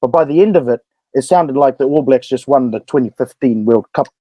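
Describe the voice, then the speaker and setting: A young man with a New Zealand accent, a podcast guest telling stories in an animated, fast-talking way. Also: mid-range voice, no room sound, muffled recording. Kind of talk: casual storytelling.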